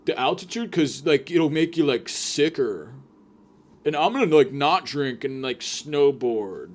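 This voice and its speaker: A dim, wealthy young guy who sounds half drunk, as a man puts him on, dragging each phrase out slowly. He rambles through filler after filler, in a mocking comedy podcast impression. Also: mid-range voice, a little mellow, close to an everyday voice. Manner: slow, rambling, full of fillers.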